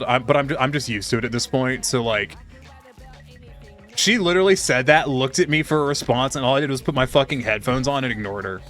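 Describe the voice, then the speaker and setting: A man's voice: mid-range voice, a bit bright. Swearing middle-aged man ranting on stream. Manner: chatty, talks to viewers. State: undergoing chemo. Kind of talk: casual gaming stream chat.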